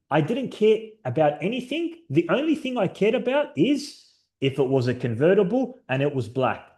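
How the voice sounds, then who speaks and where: A man's voice: fairly high pitch, mellow. A man presenting a sales training session to his team over a video call, upbeat and encouraging, telling stories. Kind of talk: live online training session.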